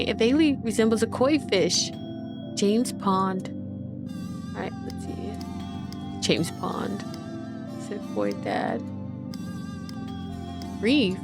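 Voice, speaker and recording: A gaming YouTuber with a creaky, somewhat high voice plays through a game in casual let's-play style. She reads the on-screen text aloud and swears freely as she goes.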